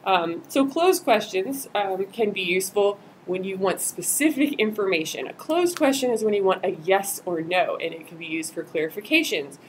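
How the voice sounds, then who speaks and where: Woman trainer, casual and animated, acts out quotes; faint background noise on the stream. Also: medium pitch, normal speed, few pauses, rough recording. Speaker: volunteer trainer. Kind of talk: live-streamed training talk.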